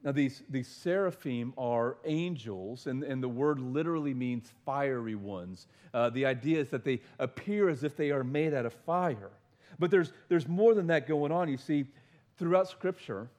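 A man preaching a sermon in a voice pitched a little high. He talks earnestly, stumbles over and repeats words as he goes, and keeps turning questions back to his listeners. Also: a little mellow. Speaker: pastor.

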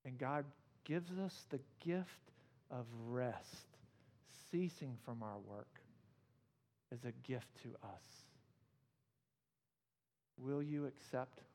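A man preaching a sermon as pastor, earnest and conversational with gentle humor. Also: medium pitch, takes it slowly, pauses often.

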